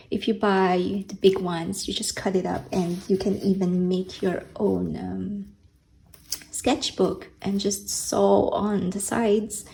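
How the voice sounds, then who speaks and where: A woman hosting a casual vlog, talking slowly and hesitantly with many ums and restarts. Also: medium pitch, gravelly, a little mellow, low-quality recording. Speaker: art channel host. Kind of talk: casual show-and-tell vlog. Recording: faint background noise.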